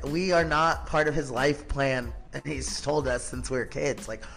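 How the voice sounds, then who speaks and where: A man's voice: mid-range voice, steady tone, moderate pace, gravelly, few pauses, a bit bright, slight background noise. A man in his thirties, a podcast guest telling his story in a blunt, profane, casual way, full of filler words. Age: 30s.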